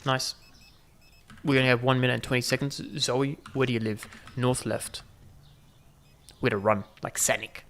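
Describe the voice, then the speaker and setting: A man talks his way through a game in a loose, chatty commentary. His voice has a gravelly rasp and sits at an ordinary middle pitch. He keeps throwing playful asides to his viewers. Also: steady tone, normal speed, pauses often, a bit bright. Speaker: gaming channel host. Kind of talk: casual gameplay commentary.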